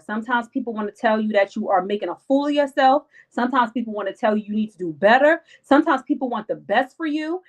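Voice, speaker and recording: A young woman talks straight to her live viewers, handing out life advice in a casual, emphatic way. She leans on slang and repeats her points for weight, and her voice sits a little on the high side. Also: rough recording. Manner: emphatic, repetitive, slangy, acts out friends' lines. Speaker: live-stream host giving life advice.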